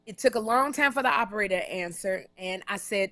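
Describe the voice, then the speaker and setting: Bright, animated woman host telling a story. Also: medium pitch, fairly quick, no room sound. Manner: animated, emphatic, repeats herself. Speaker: talk show host and comedian. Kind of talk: casual live-stream storytelling. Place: hotel room.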